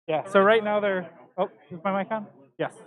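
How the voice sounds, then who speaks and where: A man's voice: high voice, moderate pace, phone-quality sound. A man co-commentating a card game tournament live, casual and eager.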